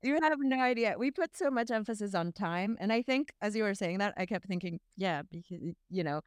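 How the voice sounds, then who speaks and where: A woman hosting a podcast, her voice smooth and clear. She talks candidly and reflects openly on her own life. The recording is dry and close. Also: mid-range voice, expressive, fairly quick, dry recording. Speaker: podcast host. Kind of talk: casual podcast conversation.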